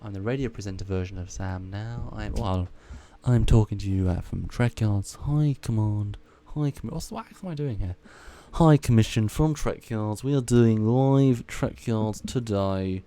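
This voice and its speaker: Man putting on a loud hammy radio announcer. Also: lowish voice, normal speed, hardly any pauses, natural voice. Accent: mock Australian. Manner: loud, overdone announcer delivery. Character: hammy male radio presenter with a silly accent.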